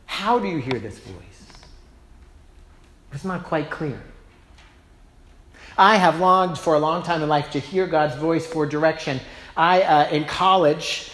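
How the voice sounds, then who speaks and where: A man preaching a sermon as a pastor, telling stories in a personal, self-deprecating, conversational way, recorded in a church. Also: fairly high pitch. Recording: roomy echo, faint background noise.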